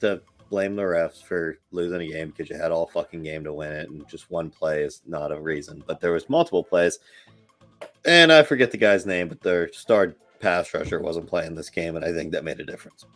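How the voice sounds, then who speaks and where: A man's voice: sits low, a little fast, fairly bright tone, soft background music. A man co-hosting a casual sports podcast, brash and profane, joking with his friends. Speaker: podcast co-host.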